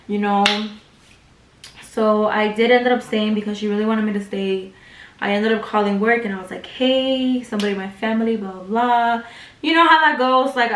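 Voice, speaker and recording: A young woman with a slightly high voice tells a long story to her camera while she does her makeup. She is loose and chatty, swears freely and leans on "like" constantly. The room sounds echoey, and she sits back from the mic. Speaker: beauty vlogger. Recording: roomy sound, mic at a distance.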